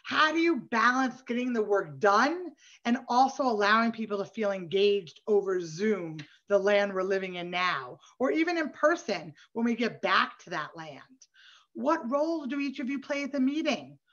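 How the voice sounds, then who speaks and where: A woman with a fairly high voice leads a workshop over a video call, chatty and encouraging, checking in with her listeners as she goes. The sound is a bit dull and lo-fi, like a call recording. Her tone stays friendly and practical. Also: animated, moderate pace, a bit bright. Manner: conversational, encouraging, frequent "right?" and "you know". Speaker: workshop facilitator. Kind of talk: online workshop presentation.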